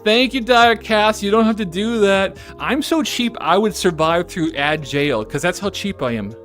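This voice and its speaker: Woman streamer, casual chat: giggly and chatty, voice leaping up and down, soft music under it. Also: medium pitch, lively intonation, moderate pace. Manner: giggly, chatty, self-correcting asides. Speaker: VTuber streamer. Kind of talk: casual live-stream chat, reading chat messages.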